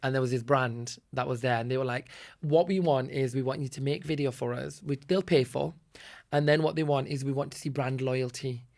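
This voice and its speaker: A man's voice: medium pitch, vocal fry, a little mellow. A young man hosting a casual podcast chat, opinionated and emphatic, often jumping in over his co-host. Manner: opinionated, emphatic, quick to jump in.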